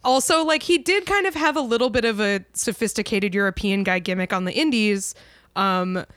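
A woman's voice: mid-range voice, normal speed, a bit bright, no echo, clean studio sound. A woman co-hosting a podcast, chatting casually with many "like" fillers and frequent laughs. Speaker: podcast co-host. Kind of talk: casual chat.

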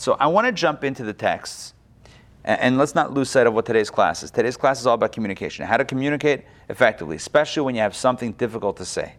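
Guy teaching a torah class on a video call, animated, retells the text in everyday slang. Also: mid-range voice, fast. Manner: animated, paraphrases the text in casual modern speech.

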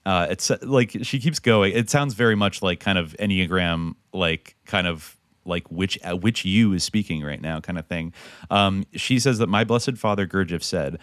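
A man with a deep, low voice talks casually on a podcast, reading passages aloud and breaking off for loose comments. His speech is full of fillers, and he swears freely. The sound is dry and close, with no room around it. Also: normal speed, a bit bright, dry recording. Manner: loose and filler-heavy, swearing and laughing in asides.

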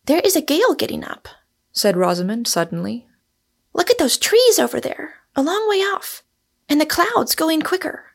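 A woman reading a novel aloud, voicing an eager, innocent young woman in a raised, bright voice. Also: sits high, big pitch swings, moderate pace, vocal fry, pitched above the performer's own voice, full character voice. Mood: excited.

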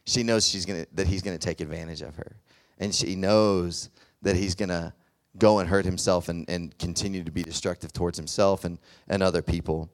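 A man's voice: sits low, steady tone, brisk. A young man giving a casual, conversational sermon, rambling with many fillers and restarts. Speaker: preacher.

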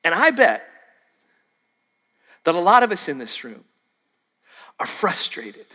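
A man's voice: sits high, sing-song, slow pace, sharp tone. A man preaching a sermon, telling a story and acting out the dialogue with jokey asides. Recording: long hall reverb.

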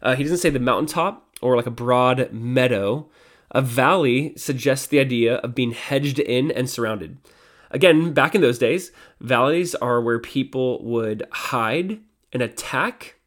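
Brief: male devotional host, mid-pitched voice, casual Bible talk, loose phrasing with fillers. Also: unhurried, a bit bright. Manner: casual, with fillers and self-corrections. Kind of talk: conversational Bible teaching.

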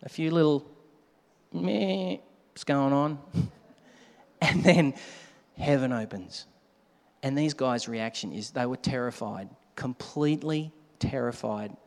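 A man preaching a sermon, animated, at times shouting to act out a scare and dropping to a hush. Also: medium pitch, takes it slowly, gravelly, pauses often. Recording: long hall reverb.

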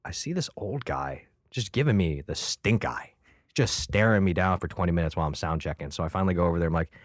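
A man's voice: low voice, expressive, fast, no echo. A man guesting on a studio talk show, telling war stories and comedy gripes with lots of swearing and acted-out lines. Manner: swears freely, acts out other people's lines. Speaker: guest comedian and combat veteran. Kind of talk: animated storytelling in a conversation. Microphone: studio microphone.

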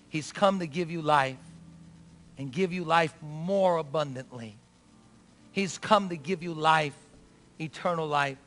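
A male pastor preaching a sermon and giving an altar call in a church with a balcony, moving between hushed prayer and fervent exhortation. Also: fairly high pitch, unhurried, long pauses, big-room sound.

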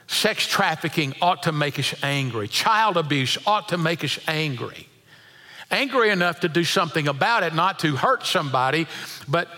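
A man's voice: a little high, pushed and bright. A middle-aged man preaching a sermon, telling folksy stories with chuckles and often repeating his words. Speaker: pastor.

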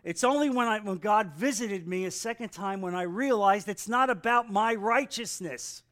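A man's voice: sits high, normal speed, few pauses, fairly bright tone. A man teaching a Bible class in an earnest sermon style, repeating phrases and calling for amens.

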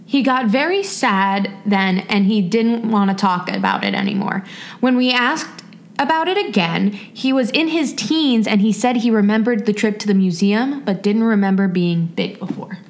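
A woman co-hosting a podcast, reading a listener's story aloud with expressive, emotional reactions. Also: mid-range voice, moderate pace. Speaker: podcast co-host. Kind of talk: reading listener stories aloud, casual chat.

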